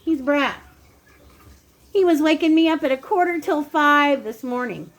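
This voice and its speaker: A woman hosting a casual cooking vlog in her home kitchen, chatty and quick to laugh at herself. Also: sits high. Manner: chatty, laughing, self-teasing.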